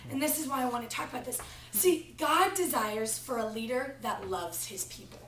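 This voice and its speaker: A young adult woman, a preaching student, gives a practice sermon to her class with a fairly high voice at moderate pace. She animatedly retells a family anecdote before turning to the text, recorded from far off in an echoey room with a little hiss or hum.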